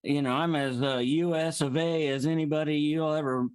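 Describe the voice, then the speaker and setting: Man, improv player, somewhat high voice, hesitant, filler-heavy. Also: fairly even intonation, moderate pace, clear, resonant tone, no room sound. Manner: hesitant, many ums and uhs. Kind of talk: improvised comedy scene.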